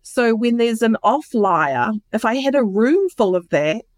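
A woman's voice: a little high, animated, a little slow, dry recording. A woman being interviewed, telling her own story in a candid, heartfelt way. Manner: earnest and heartfelt, with many restarts. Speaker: interview guest.

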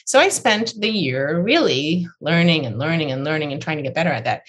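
Low, husky-voiced woman poet telling stories. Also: lively intonation, fairly quick, fairly bright tone. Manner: reflective, digressive, restarts and repeats phrases. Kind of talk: conversational storytelling.

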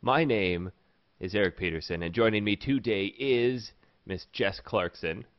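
A man's voice: fairly low pitch, a little slow, no echo. A man hosting a podcast in casual chat, teasing his guests and laughing often. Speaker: podcast host. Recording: dull lo-fi dry sound.

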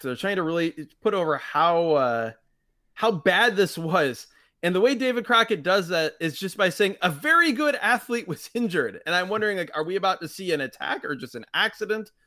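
A man's voice: fairly high pitch, fairly bright tone. A man hosting a casual podcast, chatting wryly and dropping dry asides. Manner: wry, quotes lines in mock voices, dry asides. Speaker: podcast host. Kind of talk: casual chat reviewing old wrestling.

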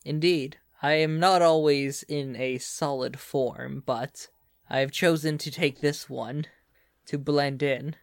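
A man voicing a dignified male house drake in opossum form, speaking slowly and formally with a German accent. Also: on the high side, fairly even intonation, vocal fry, dry recording, studio quality. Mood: solemn. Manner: slow, formal and solemn.

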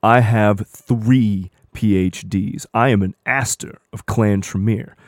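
A man's voice: mid-range voice, big pitch swings, very fast, slightly rough, no echo, studio quality, voice pushed down. A man voicing a pompous, self-important male vampire scholar who speaks haughtily. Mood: indignant.

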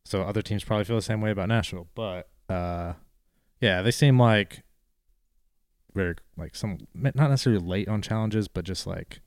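Laid-back man with a smooth low voice. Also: moderate pace, darkish tone, no echo, clean studio sound. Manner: laid-back, teasing, brief replies. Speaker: podcast co-host. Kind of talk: casual sports podcast chat.

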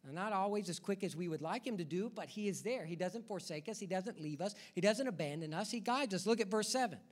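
A man's voice: sits high, animated, quick pace. A man preaching a sermon as pastor, building his points through rhythmic repetition and rhetorical questions to the congregation.

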